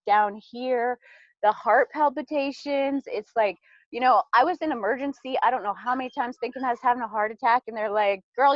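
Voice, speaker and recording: A woman in her thirties tells her own story in a chatty, rambling way, packed with "like" and acted-out lines of what she was thinking back then. Her voice sits a little high. The recording is dry and somewhat dull, as if the top end were cut off. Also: dry recording. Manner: chatty, many "like"s, acts out her own past thoughts. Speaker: mother sharing a personal testimony. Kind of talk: casual personal testimony.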